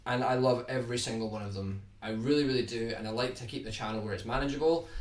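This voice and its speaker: A young Scottish man with a toned-down accent, chatting casually to viewers on his guitar livestream in a relaxed, rambling way, often restarting his words. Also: mid-range voice, fast, recorded from a distance. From Scotland. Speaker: guitar YouTuber hosting a livestream. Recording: roomy sound from off the mic, faint background hiss.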